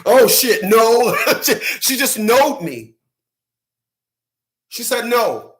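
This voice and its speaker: A man hosting his own channel, ranting to viewers in loud, slangy, profane commentary and laughing often. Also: extremely high pitch, very animated, drawn-out words, echoey room. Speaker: channel host.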